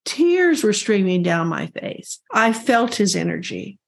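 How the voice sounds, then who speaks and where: An older woman from California, a guest energy healer, telling her story in an animated, chatty way over a remote call. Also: medium pitch, a little slow, vocal fry. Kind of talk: storytelling interview.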